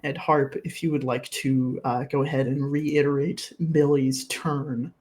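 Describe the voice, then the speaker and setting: A man's voice: mid-range voice, little pitch movement, a little mellow. A man narrating and explaining rules as game master of a live-streamed tabletop game. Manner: measured, explains rules patiently. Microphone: streaming setup.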